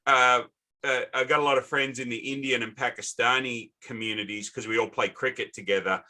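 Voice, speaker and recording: A middle-aged Australian man hosts a podcast, chatty and rambling through anecdotes in a casual interview. His mid-range voice is brisk and sharp-toned, with fairly even intonation.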